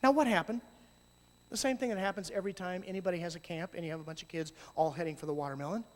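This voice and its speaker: A man telling lively stories to an audience as a youth ministry speaker, acting out voices and shouting at times. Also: sits high, very fast. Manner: animated, acts out voices and shouts. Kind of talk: storytelling talk to an audience. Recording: long hall reverb.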